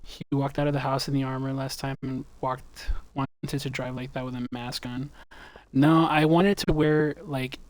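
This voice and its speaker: A man talking casually while gaming on stream. He rambles, jokes and swears often. His voice sits at an ordinary middle pitch. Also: level tone, normal speed, dry recording. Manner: profane, joking, rambling.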